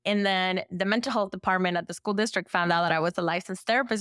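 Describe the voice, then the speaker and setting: Low, smooth-voiced woman telling her story. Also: fast talker, few pauses, no echo, clean studio sound. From El Salvador. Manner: frequent "like" fillers, lively acted-out quotes. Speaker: therapist and podcast guest. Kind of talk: conversational storytelling.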